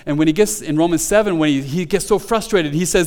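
A man's voice: on the high side, fast talker, hardly any pauses, a little mellow, long reverb tail. A man preaching a sermon as a pastor, talking conversationally with frequent restarts and rising to emphatic quotes.

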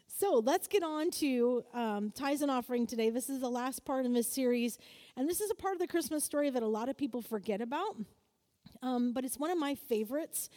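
Woman preacher, high and mellow voice, lively and talky, asks the room for answers, long hall echo. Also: brisk. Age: adult, married. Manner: lively, calls for audience answers, acts out quoted voices. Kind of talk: sermon-style teaching to a group.

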